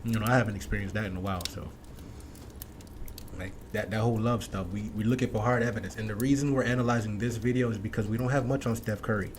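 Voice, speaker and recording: A man's voice: lowish voice, fairly even intonation, fast, a little hiss or hum. Slangy man reacting to a clip. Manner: blunt, wry, slangy. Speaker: commentary host. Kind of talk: casual reaction commentary.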